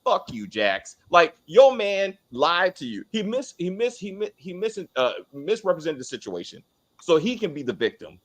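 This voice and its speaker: A man co-hosting a TV review show rants heatedly in a casual spoiler chat, swearing a lot and restarting his sentences. His voice is high-pitched and very animated at a normal speed.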